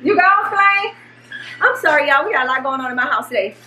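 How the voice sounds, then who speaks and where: A middle-aged woman and mother, hosting a home vlog, telling a story in an animated, excitable way. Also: sits high, brisk, echoey room, distant mic, background noise. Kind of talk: casual storytelling. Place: home kitchen.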